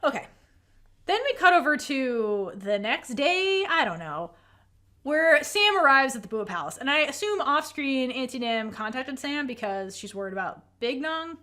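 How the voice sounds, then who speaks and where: A woman with a high, bright voice retells a series scene by scene in a casual podcast chat. Her pitch swings widely as she acts out the characters' lines. She peppers her talk with "like" and casual swearing. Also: moderate pace. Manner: animated storytelling, acting out character quotes; swears casually, says "like" a lot. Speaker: podcast co-host.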